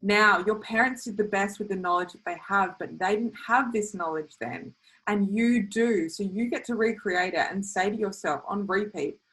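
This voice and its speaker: A young woman coach talks straight to her listeners about healing, earnest and lively. She speeds up in bursts and slips into playful acted-out quotes, and her voice sits at an ordinary middle pitch. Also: moderate pace, poor audio. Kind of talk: teaching talk to camera.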